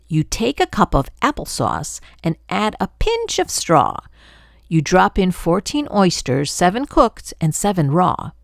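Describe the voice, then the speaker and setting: A woman's voice: mid-range voice, creaky, dry recording, studio quality. A grandmother doing a smug jabbering glunk creature. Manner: sweet-talking, jabbering on. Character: chatty green male glunk creature, pushy and smug. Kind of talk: storybook read-aloud.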